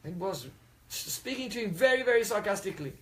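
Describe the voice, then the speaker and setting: A man's voice: high voice, expressive, quick pace, fairly bright tone. A man telling a religious story in a talk, often checking in with his listeners. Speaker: spiritual teacher.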